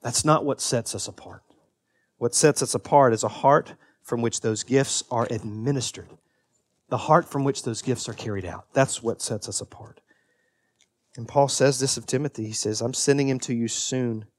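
A mid-pitched man in his thirties preaches with earnest conviction. His voice climbs to emphatic peaks, then falls to a quiet, confessional tone, and he stumbles and restarts often. The sound is dry and close. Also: no echo. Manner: halting restarts and repeated words. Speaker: pastor. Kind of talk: sermon.

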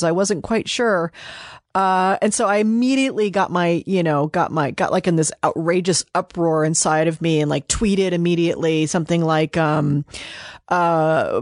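Female host, lower register, dry close recording; chatty self-mocking storyteller who rambles. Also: unhurried, no room sound. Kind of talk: casual storytelling monologue.

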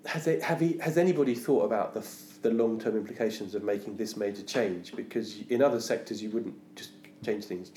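A man's voice: fairly low pitch, fairly quick, few pauses, dark tone. A man, a podcast guest, talking in a thoughtful, hesitant way with many restarts. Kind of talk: casual interview chat. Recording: roomy room with faint hiss.

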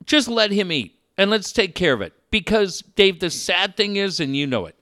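A man's voice: sits high, normal speed, no room sound, clean studio sound. A man telling stories in a casual chat, swearing often and acting out the people he quotes. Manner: profane, animated, acts out quoted people.

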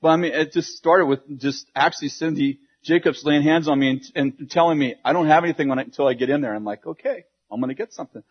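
Male preacher, husky, slightly high voice, animated storyteller, dull lo-fi sound. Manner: animated, laughing storyteller with quick asides. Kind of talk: sermon storytelling to a congregation.

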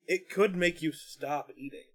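A man's voice: on the high side, a little slow, fairly bright tone. A young man and streamer co-hosting a podcast, chatting bluntly and swearing freely. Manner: blunt, swears freely, rants about pet peeves. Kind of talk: casual chat.

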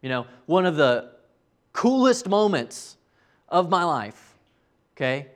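A man delivering a casual, earnest sermon with a fairly high voice. He keeps tossing "right?" to his listeners as he tells the story. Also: sing-song, slow pace. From United States. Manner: tags many sentences with "right?". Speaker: preacher. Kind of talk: conversational sermon.

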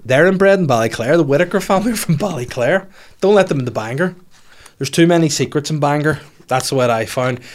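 Answering listener questions on his solo podcast, a comedian speaks fairly quickly in a voice on the high side with lively intonation. He rambles casually, swearing and tossing in jokey asides.

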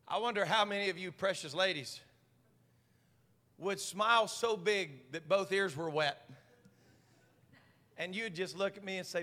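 Man, pastor, very high voice, bright and forceful, fervent sermon, shouting peaks. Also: measured pace, long pauses, big-room sound. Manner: fervent, swings from quiet asides to shouted climaxes. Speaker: senior pastor. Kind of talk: preaching a sermon. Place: church sanctuary.

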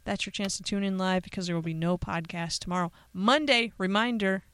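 A woman's voice: medium pitch, a little fast, fairly bright tone, clean tone, no echo. A woman hosting a radio show, talking casually and playfully with joking, chatty asides in a studio. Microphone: studio microphone.

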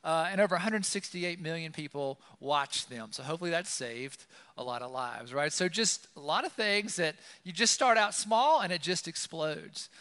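A man's voice: fairly high pitch, animated, normal speed, sharp tone, long reverb tail. A man preaching a sermon in a conversational style, with many fillers, in a church. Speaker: pastor. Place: church sanctuary.

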